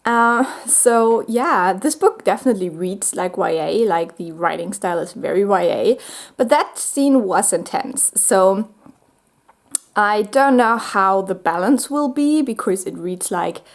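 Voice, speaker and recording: A young woman chatting casually in a reading vlog, rambling with lots of ums and bursts of excitement. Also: mid-range voice, a little slow. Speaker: book vlogger.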